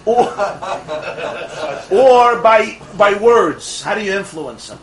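A man teaching a Torah class to a live group of students, an animated storyteller who fires off rhetorical questions and laughs at his own jokes. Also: high-pitched, slow, low-quality recording. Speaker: religious teacher.

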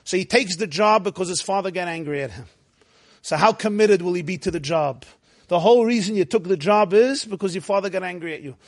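A man giving a sermon as a rabbi, acting out dialogue with sudden loud outbursts. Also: high-pitched, a little fast.

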